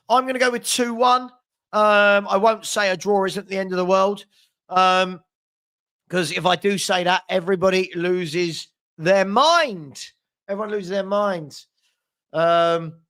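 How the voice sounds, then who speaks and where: A man's voice: high-pitched, fairly bright tone. A young man hosting a live football watchalong, reading out viewer comments with sarcastic banter. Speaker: fan channel host.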